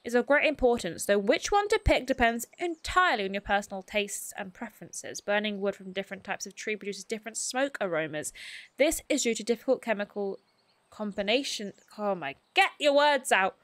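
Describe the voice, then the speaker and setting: A woman's voice: medium pitch, a bit bright, dry recording. A woman streaming a game, chatting casually, self-mocking and reading game text aloud. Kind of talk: casual gameplay commentary.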